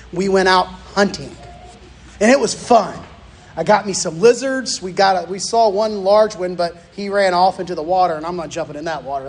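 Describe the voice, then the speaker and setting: A man preaches with a fairly high voice. He moves between folksy personal anecdotes and teaching points, animated and storytelling. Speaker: pastor. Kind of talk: sermon with personal stories.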